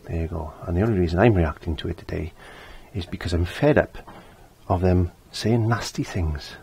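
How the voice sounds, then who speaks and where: A man's voice: low voice, moderate pace, gravelly, darkish tone, a little hiss or hum. An older man giving a casual painting lesson, chatty and repeating his phrases as he works. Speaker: painting teacher.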